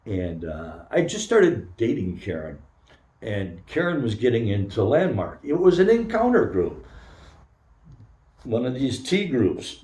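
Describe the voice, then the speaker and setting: Older man, low voice, roomy sermon. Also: darkish tone. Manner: candid, halting storytelling with frequent pauses and fillers. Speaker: Zen priest giving a dharma talk. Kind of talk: informal personal sermon. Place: temple meditation hall. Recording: roomy echo.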